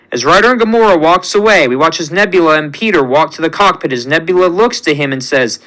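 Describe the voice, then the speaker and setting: A man hosting his channel, reading a fan story aloud with lively narration. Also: fairly high pitch, quick pace, few pauses, rough recording. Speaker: channel host.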